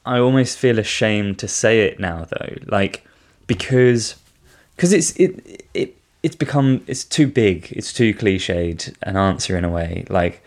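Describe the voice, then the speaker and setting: A man's voice: fairly low pitch, expressive, measured pace. A man co-hosting a podcast in casual chat, talking in a hesitant, self-deprecating way. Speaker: podcast co-host.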